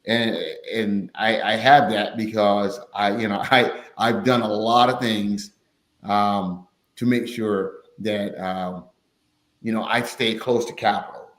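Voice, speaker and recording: A man's voice: lowish voice, takes it slowly. Male guest, rambling storyteller, roomy echoey sound. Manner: rambling, repeats words, animated retelling. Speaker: podcast guest, finance course teacher. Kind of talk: casual storytelling chat. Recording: roomy echo.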